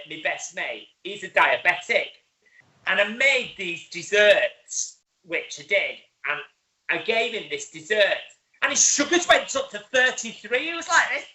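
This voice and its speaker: Animated chatty man. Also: sits high, unhurried, poor audio. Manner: animated storyteller, laughs a lot, rambling. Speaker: psychic show host. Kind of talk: casual chat, telling funny stories.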